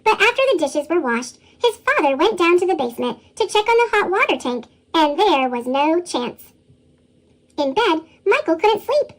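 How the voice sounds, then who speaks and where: A woman reads a children's storybook aloud with lively expression. Her voice runs through a chipmunk pitch shift, very high and bouncy, with a wide, sing-song swing. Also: normal speed. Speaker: storybook reader.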